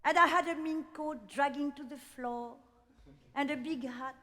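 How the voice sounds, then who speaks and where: An older woman with a French accent, telling a story in a one-woman stage show, theatrical and animated, laughing between lines. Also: high voice, a little slow. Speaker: cabaret performer. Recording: reverberant theater hall.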